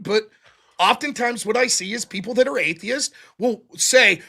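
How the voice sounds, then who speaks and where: Animated man recapping a debate. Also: extremely high pitch, moderate pace. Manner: animated, blunt, swears often. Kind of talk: casual post-debate chat.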